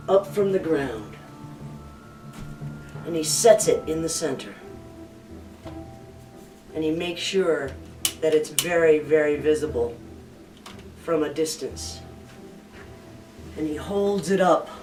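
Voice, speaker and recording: A woman telling a folktale in a lively, playful, theatrical way, heard from a distance in a roomy space with faint music. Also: low-pitched. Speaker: storyteller. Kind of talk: folktale narration.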